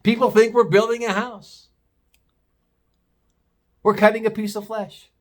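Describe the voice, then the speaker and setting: A man's voice: high-pitched, measured pace. An older man, a retired butcher, telling a story bluntly with plenty of swearing in a casual vlog. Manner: blunt, profane, animated storytelling.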